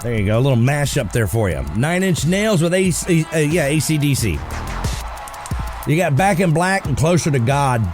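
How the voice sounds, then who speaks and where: A man hosting a morning talk radio show, sarcastic and quick to laugh as he comments on the news. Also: on the high side, expressive, over music. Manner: joking and sarcastic, laughs often. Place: radio studio.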